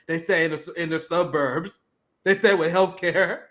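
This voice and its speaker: This man in his thirties co-hosts a podcast of casual political commentary, reading headlines aloud and mocking them with sardonic, profane asides. His voice sits on the high side with fairly even intonation, a moderate pace and a fairly bright tone.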